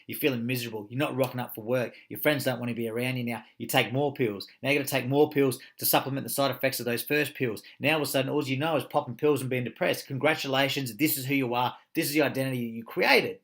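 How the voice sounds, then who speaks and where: A man's voice: mid-range voice, steady tone, fast, few pauses, a bit bright. A man teaching a motivational coaching course, speaking emphatically, swearing freely and firing rhetorical questions.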